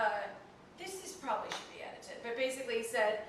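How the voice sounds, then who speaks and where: A woman in her thirties, a comedian, telling a story in a casual interview, animated and self-mocking, often laughing as she talks. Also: sits high, a little fast, slight background noise. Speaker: comedian guest. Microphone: handheld flip video camera. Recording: echoey room from a distant camera mic.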